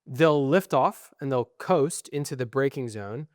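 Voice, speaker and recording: A man's voice: medium pitch, a little slow, dry recording, clean studio sound. A young man co-hosting a podcast in casual chat, ranting in a profane, frustrated way. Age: young adult. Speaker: podcast co-host.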